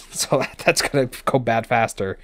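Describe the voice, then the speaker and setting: A man's voice: medium pitch, dry recording. Sarcastic man recapping a cartoon, dry sound. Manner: sarcastic, swears casually, acts out characters in quick asides. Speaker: podcast co-host recapping episodes. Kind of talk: casual comedic recap chat.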